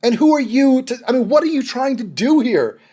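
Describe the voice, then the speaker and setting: Young male reaction host, sarcastic and profane, very lively intonation. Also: extremely high pitch, a little fast, breathy edge. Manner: sarcastic, mocking, swears often. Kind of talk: profane mocking commentary over a clip.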